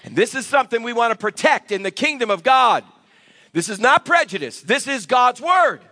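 A man's voice: very high voice, expressive, moderate pace, pushed and bright, no echo. A male pastor preaching a sermon, using emphatic delivery and calling for amens from the congregation. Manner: emphatic preaching with call-and-response. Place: church sanctuary.

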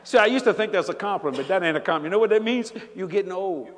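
An older man preaching a sermon in a large church, animated and folksy, building from easy talk to shouts. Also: sits high, rapid-fire, long reverb tail.

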